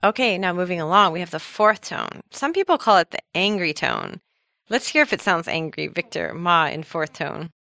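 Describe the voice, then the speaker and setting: A woman's voice: on the low side, expressive, moderate pace, gravelly, sharp tone, no echo, clean studio sound. A woman hosting a language lesson, explaining with an upbeat manner and laughing easily. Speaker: language teacher host. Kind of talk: scripted podcast lesson with co-host.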